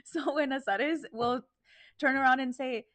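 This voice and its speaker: A woman's voice: sits high, a little slow, fairly bright tone. A woman in her thirties, a guest on a casual podcast, chatting and laughing between her words. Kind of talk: casual chat.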